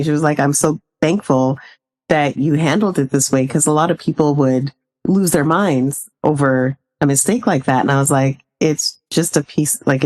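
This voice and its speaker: A woman speaks as a podcast guest in casual, unhurried chat. Her voice is notably low for a woman. She reflects thoughtfully and laughs easily. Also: darkish tone.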